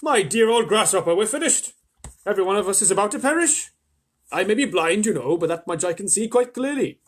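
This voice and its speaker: Man voicing gloomy blind earthworm, storybook, raised pitch, husky. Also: animated, brisk. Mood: despairing. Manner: gloomy, dramatic complaining.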